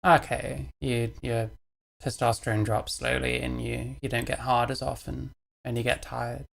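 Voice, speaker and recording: A gravelly woman from England talks over clips on her livestream. Her commentary is sardonic and rambling, full of mocking asides. The tone stays casual and offhand throughout. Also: rumbling low, level tone, a little slow. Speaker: livestream host reacting to clips.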